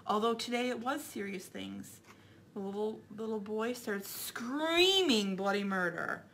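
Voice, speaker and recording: A woman's voice: a little high, bright, forceful tone. A young mother, chatting casually while she crafts, rambling and repeating herself. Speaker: craft vlogger.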